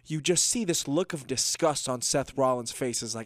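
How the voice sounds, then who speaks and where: A man's voice: mid-range voice, moderate pace, hardly any pauses, no echo, clean studio sound. A young man co-hosting a wrestling podcast in casual chat, emotional and emphatic. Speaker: podcast co-host.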